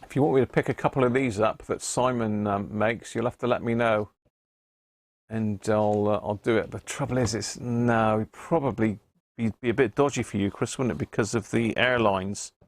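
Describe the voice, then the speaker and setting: Male stream host, lowish voice, dry close sound, chatty and rambling as he answers viewers. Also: fairly even intonation, normal speed, dry recording. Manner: chatty, rambling, with restarts while reading chat aloud. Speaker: host of a radio-hobby live stream. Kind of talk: casual live-stream chat answering viewers.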